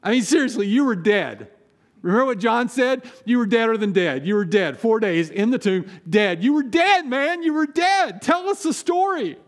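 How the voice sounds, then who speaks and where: A man voicing an excited, amazed male friend in a sermon story. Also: very high voice, moderate pace.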